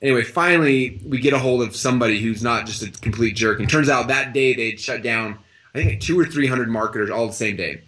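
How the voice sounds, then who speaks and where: A man's voice: medium pitch, fairly quick. A man being interviewed as an entrepreneur, telling a story casually and animatedly, acting out the quoted lines of other people and leaning on "like" as a filler. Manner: animated, acts out quoted dialogue in his stories; frequent "like" and "I'm like" fillers.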